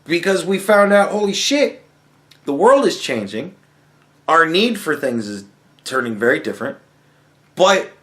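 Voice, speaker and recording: A man's voice: sits high, very animated, moderate pace, pauses often, fairly bright tone. A man hosting a casual solo podcast, rambling along with lots of swearing and laughing asides. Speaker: podcast host.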